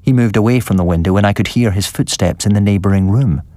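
A man narrating a first-person horror story in a measured, suspenseful telling. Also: lowish voice, mellow, dry recording. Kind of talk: storybook reading.

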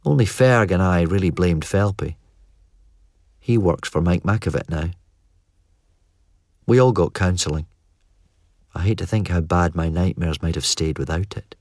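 Male audiobook narrator, low-pitched, dry studio sound. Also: unhurried, long pauses, a little mellow, no echo. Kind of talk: scripted narration.

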